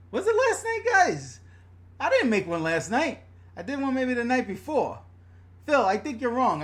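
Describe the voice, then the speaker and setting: A man's voice: high-pitched, fairly bright tone. A middle-aged man from the New York and New Jersey area, hosting a casual live-stream rant from a room in his home, blunt and chatty, swearing freely and reading viewer comments aloud.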